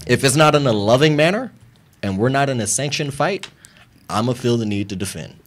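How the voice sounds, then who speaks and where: A man's voice: mid-range voice, fairly quick, slight background noise. A man on a radio talk show telling a story in a casual, blunt way, swearing often and speaking from a studio microphone. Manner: profane, blunt, animated retelling of a bar fight.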